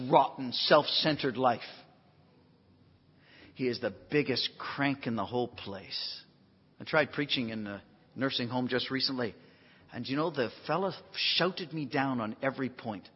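A man preaching a sermon, swinging from quiet folksy asides to emphatic near-shouts, with self-deprecating humor. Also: mid-range voice, normal speed, husky. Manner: emphatic, rising to near shouts on key phrases. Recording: dull lo-fi recording in a long-reverb hall.

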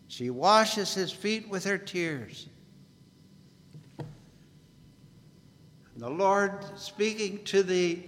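High bright-voiced man preaching slow, echoing hall. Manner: earnest, slow and deliberate preaching, biblical phrasing. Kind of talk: gospel sermon. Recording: long hall reverb.

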